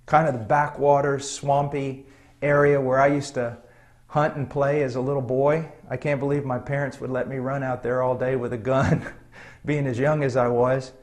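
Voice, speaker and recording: A middle-aged man preaching a sermon, telling a personal story in an earnest, conversational way with frequent pauses and soft chuckles. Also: on the high side.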